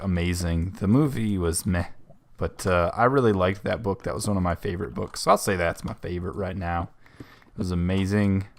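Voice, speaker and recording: A young man with a very low voice chats while playing a video game, answering questions as they come. He rambles and corrects himself midway through sentences in a relaxed, unhurried manner. Keyboard typing can be heard behind him. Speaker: host. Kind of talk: casual gaming commentary.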